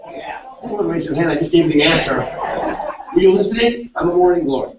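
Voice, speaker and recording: A man leading a live seminar, energetically quizzing the audience with quick questions. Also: fairly high pitch, lively intonation, background noise. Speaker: seminar speaker. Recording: echoey hall, distant mic, dull sound.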